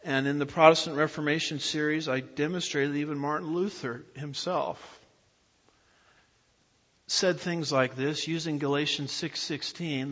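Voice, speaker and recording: A man preaching an expository Bible lesson, pausing to ask his listeners to fill in the blanks. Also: fairly high pitch, a bit bright. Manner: asks the audience fill-in-the-blank questions. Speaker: pastor teaching a Bible class. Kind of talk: expository sermon lecture. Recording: dull audio with long hall reverb.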